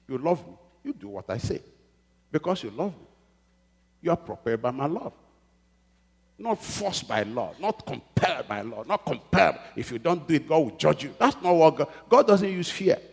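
A husky, slightly high-voiced middle-aged man preaches from the pulpit. He drops to hushed pleading, then rises to loud exhortation and calls for amens. His voice rings through the long reverb of a church hall. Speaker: pastor. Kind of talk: sermon.

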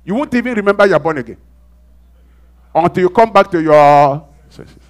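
A man preaching a sermon, dramatically acting out quoted voices and swinging from loud exclamations to hushed asides. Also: high voice, lively intonation, fairly quick.

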